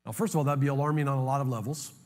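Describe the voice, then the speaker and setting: A man preaching a sermon as pastor, animated and emphatic, telling humorous stories to make a point. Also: mid-range voice, rapid-fire. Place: church sanctuary. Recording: long hall reverb, faint music.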